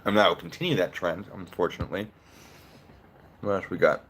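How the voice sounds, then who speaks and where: A man's voice: low-pitched, steady tone, a little fast, fairly bright tone, a little hiss or hum. A man giving opinionated, casual commentary on a legal case, breaking it down step by step while eating.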